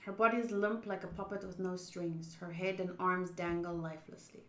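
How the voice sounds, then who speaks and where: Woman streamer, reads game text and reacts, eats while talking, bright tone, roomy echo. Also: lowish voice, little pitch movement, moderate pace. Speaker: streamer playing a visual novel.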